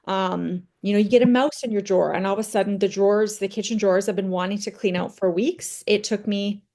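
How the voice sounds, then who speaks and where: A woman at a middle pitch talks her team through a motivational training session. She speaks conversationally and keeps tagging her points with "right?" as she tells her own stories to make them land. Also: fairly even intonation, a little fast, a little mellow.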